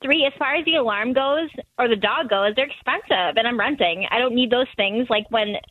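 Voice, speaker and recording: Defensive female caller with a husky, fairly high voice. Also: a little fast, dry recording, narrow, tinny audio. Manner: defensive, animated. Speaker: radio show caller. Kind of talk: phone call on a radio show.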